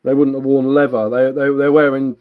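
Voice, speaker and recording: A man's voice: medium pitch, flat delivery, brisk, narrow, tinny audio. Chatty man with a Cockney accent. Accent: London Cockney with some Sussex. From England. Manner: chatty, rambling, reads out viewer comments. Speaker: livestreaming bushcraft woodcarver. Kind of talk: casual livestream chat.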